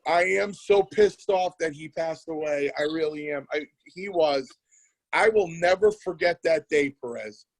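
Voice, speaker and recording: A man's voice: fairly high pitch, a little slow, poor audio. Middle-aged guy hosting a podcast, tells stories, repeats himself, swears a lot. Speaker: podcast host. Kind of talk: casual chat.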